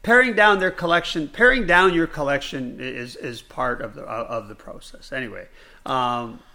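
A man co-hosting a podcast in casual chat, animated and rambling, with many restarts and fillers. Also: medium pitch, normal speed. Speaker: podcast co-host.

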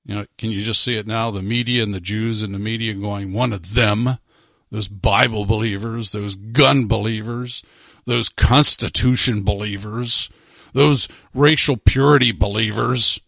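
A man's voice: fairly low pitch, steady tone, normal speed, vocal fry, fairly bright tone, no echo. A man preaching a sermon, reading scripture and breaking into sarcastic, emphatic asides.

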